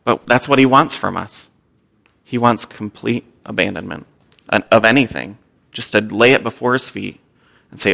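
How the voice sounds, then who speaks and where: Earnest missionary man with a gravelly voice. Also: on the low side, normal speed, long pauses, sharp tone. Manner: earnest, candid, self-deprecating. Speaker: missionary speaking to a church. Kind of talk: personal testimony talk.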